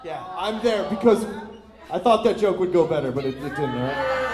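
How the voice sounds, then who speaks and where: A man's voice: a little high, very animated, moderate pace, reverberant, over a noisy crowd. A man performing live, doing self-mocking, joking stage banter between songs and laughing often. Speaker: singer-songwriter performing live.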